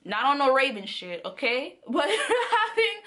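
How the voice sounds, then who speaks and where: A young woman from the Caribbean, a vlogger telling a story in casual, slangy, animated talk. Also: high-pitched, measured pace. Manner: animated, slangy, laughs often.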